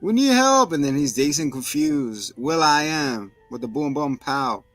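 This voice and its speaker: A man casually recapping a TV episode, acting out characters in sudden high voices, laughing and swearing often. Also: unhurried, no room sound, faint music behind. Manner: animated, acts out characters in bursts of high voices. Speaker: podcast co-host recapping a TV episode. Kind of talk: casual chat.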